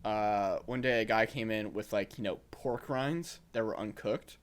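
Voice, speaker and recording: A man's voice: lowish voice, unhurried, clear, resonant tone. A young man hosting a podcast, telling rambling stories in casual chat and laughing often. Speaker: podcast host.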